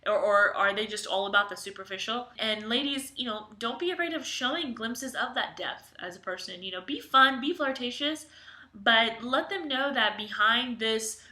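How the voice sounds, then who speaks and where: A woman's voice: on the high side, moderate pace, bright, forceful tone, roomy sound. A woman co-hosting a casual podcast, giving earnest dating advice and often agreeing. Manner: earnest, agreeable advice with many affirming responses. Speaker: podcast co-host. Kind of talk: casual chat.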